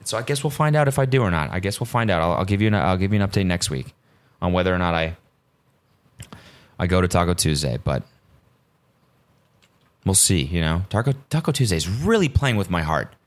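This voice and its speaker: A man's voice: sits low, lively intonation, brisk, pauses often. A man hosting a solo podcast, rambling casually and swearing freely as he tells stories. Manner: profane, rambling, self-mocking. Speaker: podcast host.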